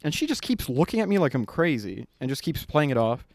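A man's voice: a little high, big pitch swings, brisk, a little mellow, dry recording. A man in his twenties on a podcast, telling a story in casual chat, swearing freely and laughing as he goes. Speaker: podcast co-host.

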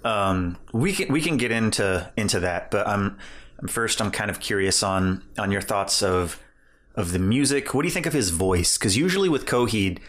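A man's voice: lowish voice, lively intonation, fairly bright tone. A young man co-hosting a podcast, asking curious questions and nodding along in casual chat. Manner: curious interviewer, quick affirming backchannels. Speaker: podcast co-host.

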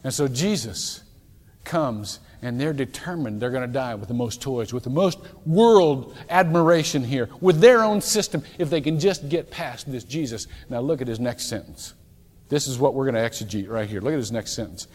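A man preaching a sermon as a pastor, animated and emphatic, with many rhetorical questions to the congregation. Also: medium pitch, normal speed, big-room sound. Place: church sanctuary.

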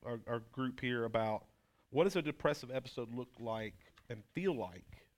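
A man's voice: medium pitch, moderate pace. A male pastor leading a conversational sermon with his wife, joking, self-deprecating and asking her questions. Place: church room with a group.

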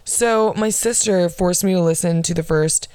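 A woman's voice: lowish voice, normal speed, a little mellow, clear, resonant tone, no room sound. A young woman hosting her own solo podcast, ranting bluntly and sarcastically with lots of swearing. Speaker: podcast host.

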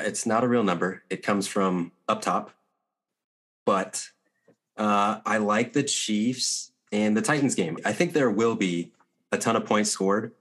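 A man co-hosting a casual sports betting chat, confident and talking in quick bursts. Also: fairly low pitch, fairly bright tone. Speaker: podcast co-host.

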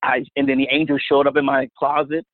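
A man's voice: medium pitch, flat delivery, brisk, no echo. A man telling a personal faith testimony as a guest, earnest and storytelling, often repeating words. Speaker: guest minister. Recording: phone-line sound, dry.

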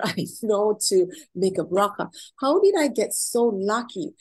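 A woman's voice: mid-range voice, animated, a little slow, hardly any pauses, husky, low-quality recording. A middle-aged woman being interviewed, telling heartfelt personal stories in an emotional, effusive way and repeating words when she is moved.

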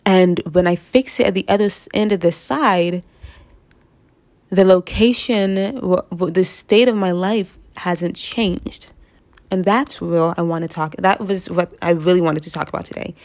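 A woman's voice: lowish voice, a little slow, darkish tone. A woman from the United States talking casually to camera, rambling through her thoughts with frequent laughs and asides. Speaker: vlogger.

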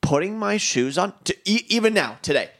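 A man's voice: high voice, lively intonation, brisk, a bit bright. A man co-hosting a casual podcast, rambling through a story with lots of fillers and swearing. His voice sits a little above the usual male range. He talks loosely, like he's chatting with friends. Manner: rambling, profane, full of fillers. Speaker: podcast co-host. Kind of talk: casual chat.

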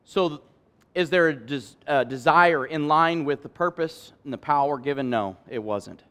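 A man preaching a sermon as pastor, joking with the congregation and swinging between loud emphasis and quiet asides. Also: fairly high pitch, moderate pace, smooth.

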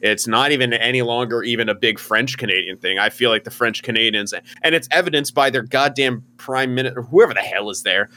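A man's voice: mid-range voice, a little fast, hardly any pauses, sharp tone. A man co-hosting a casual sports chat, talking bluntly in rambling, profane bursts. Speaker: podcast co-host.

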